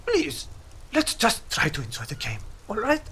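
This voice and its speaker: A man's voice: high voice, wildly swooping pitch, moderate pace, sharp tone, a little hiss or hum, pitched above the performer's own voice, full character voice. A man voicing a jolly old man with a mocking fake French accent. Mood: coaxing.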